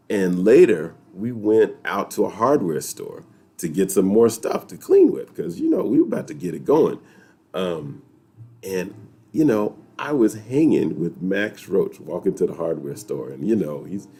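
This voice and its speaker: A man from New York, hosting a weekly chat and telling a story to viewers in a lively, laughing way. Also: deep voice, normal speed, vocal fry, husky. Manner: animated, laughing, talks straight to viewers.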